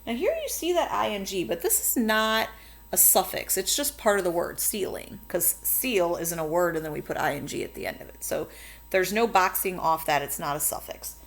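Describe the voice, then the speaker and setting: A woman's voice: lowish voice, expressive, moderate pace. A woman teaching a phonics lesson to children, explaining board work patiently and chattily, correcting herself as she goes.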